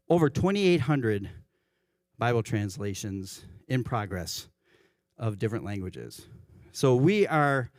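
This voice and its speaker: A worship pastor giving a conversational church sermon, often correcting himself mid-sentence. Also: male voice, medium pitch, no echo, clean studio sound. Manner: conversational, self-correcting, chuckles at his own examples. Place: church sanctuary.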